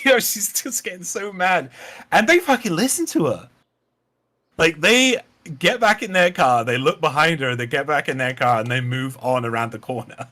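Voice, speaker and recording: A man's voice: a little high, normal speed. A man hosting a casual stream, chatting while he paints miniatures, laughing a lot and swearing freely as he tells stories. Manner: laughs often, swears freely, animated storyteller. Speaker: stream host.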